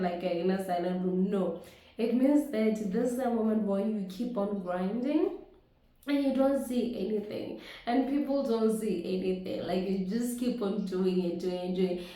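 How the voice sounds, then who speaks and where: A woman with a husky voice, hoarse from a flu, giving an earnest motivational talk to camera and often checking in with her listeners. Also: mid-range voice, dark tone. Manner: earnest, keeps asking "right?" to the audience. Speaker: motivational speaker and business coach. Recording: very echoey room.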